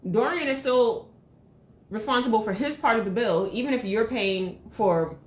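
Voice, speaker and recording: A woman's voice: on the high side, normal speed. A woman co-hosting a casual podcast who laughs often and thinks aloud. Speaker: podcast co-host. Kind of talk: casual chat. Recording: roomy echo.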